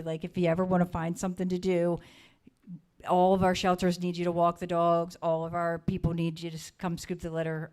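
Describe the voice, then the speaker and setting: A woman hosts a live talk show with a fairly low voice. She speaks to her guest in an encouraging, appreciative way. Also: darkish tone.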